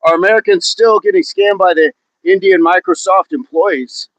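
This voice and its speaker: A man's voice: high-pitched, steady tone, moderate pace, a bit bright, no echo, poor audio. A man hosting a casual fitness livestream outdoors, upbeat, reading out viewer comments and joking around while he exercises. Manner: upbeat, reads viewer comments aloud and jokes about accents. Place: outdoors in wind.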